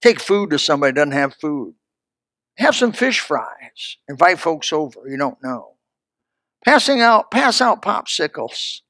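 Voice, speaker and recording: A man's voice: fairly high pitch, big pitch swings, measured pace, sharp tone, dry recording, clean studio sound. A man pastor preaching a sermon in an emphatic, folksy, storytelling manner.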